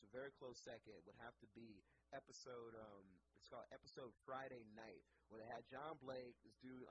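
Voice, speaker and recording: A man's voice: medium pitch, lo-fi sound. A young man casually retelling a podcast episode, rambling, profane and laughing often. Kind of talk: casual storytelling. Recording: noisy background ambience.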